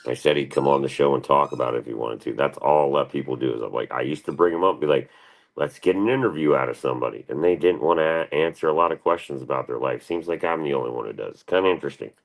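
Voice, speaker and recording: A man streaming live, rambling in a profane, casual rant and mimicking other people in higher voices. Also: quick pace, creaky, hardly any pauses. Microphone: streaming mic.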